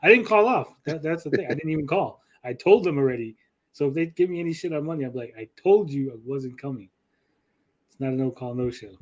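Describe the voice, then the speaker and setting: A man hosting a podcast in casual chat, swearing freely and talking with pauses. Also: a little high. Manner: chatty, swears often, lively swings in loudness; speaks with pauses. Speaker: podcast host and YouTuber.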